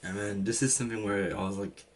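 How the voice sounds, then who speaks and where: A man's voice: lowish voice, steady tone, fast, slight background noise. A young man in his late teens with an English accent, rambling through a casual story with lots of "like" and restarts. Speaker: vlogger.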